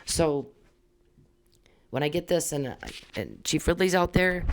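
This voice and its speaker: A woman's voice: sits low, lively intonation, slow pace, slight background noise. Blunt, heated woman podcaster who swears freely. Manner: blunt, profane, heated and repetitive. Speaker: podcast host. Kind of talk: casual monologue.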